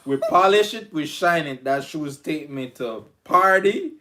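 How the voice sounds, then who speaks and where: A young man co-hosting a live stream, telling childhood stories in an animated, laughing way. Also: fairly high pitch, a little slow. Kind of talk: casual chat, storytelling. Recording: noisy stream audio.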